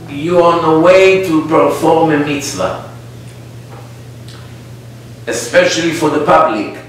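Man preaching in an echoey room. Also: on the high side. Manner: animated, asks the audience questions. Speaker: rabbi teaching a class. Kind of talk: storytelling sermon. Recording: echoey room, distant mic, faint noise.

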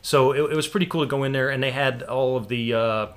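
An American man telling a long story in casual chat, animated and laughing, with some swearing. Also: medium pitch, quick pace, smooth. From United States.

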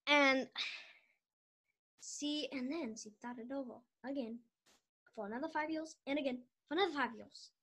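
A woman's voice: high voice, normal speed, long pauses, a bit bright. A woman hosting a podcast, telling a rambling story in a casual, giggly way, full of "like" and restarts. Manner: giggly, restarts often, lots of "like". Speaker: podcast host.

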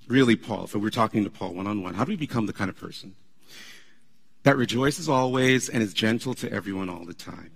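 A man preaching a sermon as pastor, animated and conversational, laughing often as he talks. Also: fairly low pitch, vocal fry, husky, long reverb tail.

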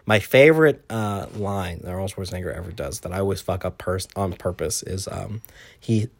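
A man's voice: low voice, brisk, creaky. A young man chatting casually as a podcast guest, rambling and laughing often. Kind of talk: casual chat.

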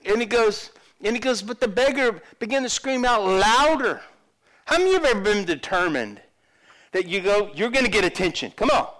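Middle-aged male pastor, high and very expressive voice, lively storytelling sermon. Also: moderate pace. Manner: animated, acts out voices of people in the story.

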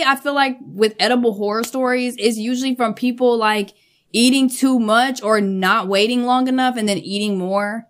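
A woman vlogging casually, animated and quick to laugh, cursing freely, with features. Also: mid-range voice. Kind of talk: casual storytelling chat.

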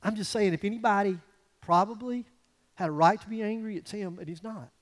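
Guy pastor preaching, chatty and lively, talks right to the crowd, big echoey church sound. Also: high-pitched, fairly quick. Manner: conversational, animated, folksy preaching with asides to the congregation. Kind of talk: sermon.

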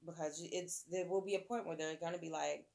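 Woman, low voice, gravelly fry, casual chat, animated storytelling. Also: fast talker. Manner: animated, acts out quoted voices of her kids.

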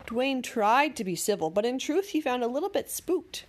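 A woman narrating a bedtime story in a calm, gentle, measured way. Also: on the high side.

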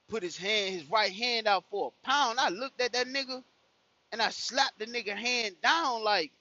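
Guy rambling a story in his car, high voice, real bright, kinda muffled lo-fi audio. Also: normal speed, dry recording. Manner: animated, profane, full of "you know what I'm saying" fillers. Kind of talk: casual storytelling while driving.

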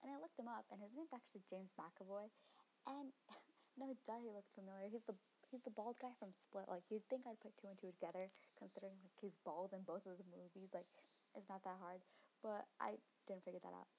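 Soft-spoken young woman, gravelly. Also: medium pitch, brisk, slight background noise, low-quality recording. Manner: soft-spoken, near-whispered; chatty, rambling with fillers. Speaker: podcast host. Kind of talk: quiet rambling podcast chat.

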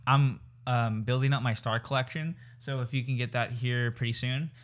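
A man's voice: mid-range voice, level tone, moderate pace. A man co-hosting a casual chat, playful and slangy, cursing casually.

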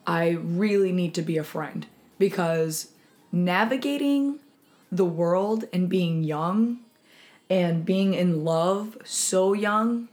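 A woman's voice: fairly low pitch, slow. A woman in her twenties co-hosting a podcast, talking candidly in casual chat and acting out quotes as she tells stories. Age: 20s. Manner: candid, animated storytelling with acted-out quotes. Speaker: podcast co-host.

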